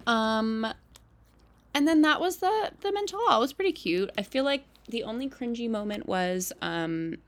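Young woman podcast host, casual chatty recap, heavy vocal fry. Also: medium pitch. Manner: chatty, lots of "like" and "um", animated asides. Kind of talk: casual solo recap chat.

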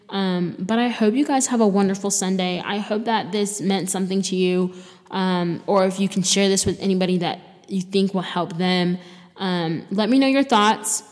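A woman's voice: lowish voice, moderate pace, a little mellow, in a large hall. A young woman hosting a solo podcast, talking in a rambling, chatty way full of fillers and restarts. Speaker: podcast host. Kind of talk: casual solo podcast sign-off.

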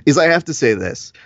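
A man's voice: fairly high pitch, fairly bright tone, dry recording. A man co-hosting a podcast, chatting casually in dry, mock-formal compliments. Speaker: podcast co-host. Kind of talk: casual chat. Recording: dull dry lo-fi podcast audio.

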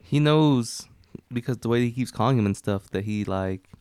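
Laid-back man with a smooth voice. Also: medium pitch, moderate pace, a little mellow, no echo. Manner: laid-back, hesitant, says dude and man. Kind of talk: casual chat.

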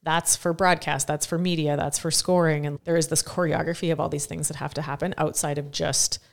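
A woman co-hosting a casual podcast chat, telling animated stories from her work as a competition judge. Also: low voice, brisk, vocal fry. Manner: animated storyteller who acts out quotes.

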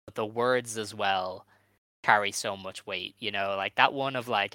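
A man's voice: fairly low pitch, fairly even intonation, normal speed, pushed and bright, dry recording. A man co-hosting a casual chat, talking thoughtfully and reading quotes aloud with fillers. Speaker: podcast co-host. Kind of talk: casual chat about pro wrestling.

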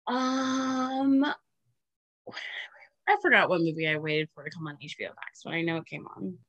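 A woman's voice: fairly low pitch, a little fast, a bit bright, no echo, highs cut off. A young woman hosting a casual podcast chat, talking loosely with many fillers and frequent giggles. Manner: chatty, giggly, lots of fillers. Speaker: podcast host.

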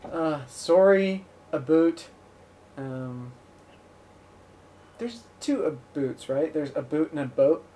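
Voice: medium pitch, very animated, takes it slowly, pauses often, warm tone, far from the mic. A podcast host in a casual comedy chat, giggling often and trailing off mid-thought.

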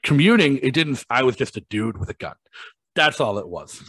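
A man's voice: medium pitch, normal speed, breathy edge, dry recording. A man from Massachusetts, a podcast guest, telling a story in a blunt, profane, casual way. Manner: blunt, profane, animated when quoting himself.

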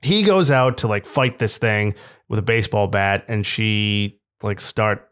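Smooth-voiced man laughing through a podcast. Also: lowish voice, a little slow, a bit bright. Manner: laughs often and swears casually. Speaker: podcast co-host. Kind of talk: casual chat retelling a film plot.

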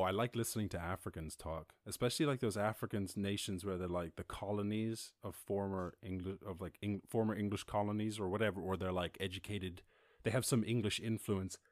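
A man from Ireland hosting a casual livestream chat, rambling, animated and laughing often as he talks. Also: on the low side, normal speed, dry recording, clean studio sound. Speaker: host.

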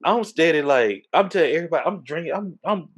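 A man's voice: a little high, lively intonation, fast, breathy edge. A man, telling a funny story in casual chat, emphatic and laughing often. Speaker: storyteller recounting a party.

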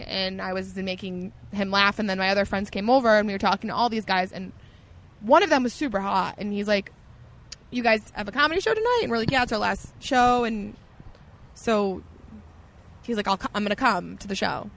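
A woman comedian on a podcast, telling a story in an animated, self-mocking way. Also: medium pitch, normal speed. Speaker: comedian guest. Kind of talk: casual podcast chat.

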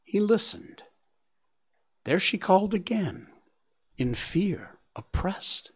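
A man narrating a story aloud in an expressive audiobook style. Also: sits high, slow pace, gravelly, husky.

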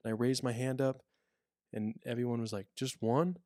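A man's voice: medium pitch, little pitch movement, brisk, warm tone, no echo, clean studio sound. A man who works as a prison officer, telling stories in a casual podcast chat with lots of restarts and fillers. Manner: rambling storyteller, many restarts and fillers.

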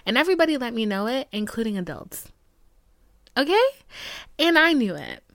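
A woman's voice: fairly high pitch, big pitch swings, moderate pace, a bit bright, no room sound, studio quality. A woman in her twenties hosting a podcast, venting in a blunt, profane, heated way, dropping to whispered asides. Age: 20s. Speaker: podcast host. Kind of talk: candid solo podcast talk.

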